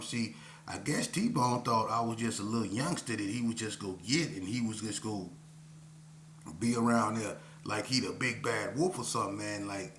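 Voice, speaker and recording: A man's voice: lowish voice, gravelly, fairly bright tone. A man telling a personal story in a casual, slangy way, often saying "you know what I'm saying". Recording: roomy echo, faint hum.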